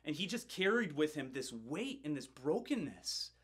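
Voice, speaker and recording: Slightly higher than most men's and husky, this middle-aged pastor's voice moves at a moderate pace. He shares a personal story in his sermon with animation, building tension and frequently doubling his words.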